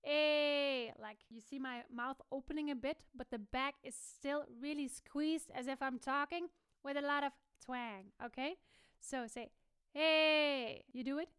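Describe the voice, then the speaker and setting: A woman's voice: on the high side, clear, resonant tone, dry recording. A young woman, teaching a singing lesson and stopping to demonstrate sounds herself. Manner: demonstrative, switching between explaining and sung or spoken examples. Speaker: vocal coach.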